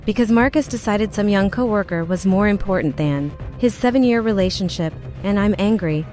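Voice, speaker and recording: A woman's voice: mid-range voice, fairly quick, a little mellow, soft background music. A woman narrating a dramatic first-person story in an emotional, confessional way, acting out the quoted dialogue.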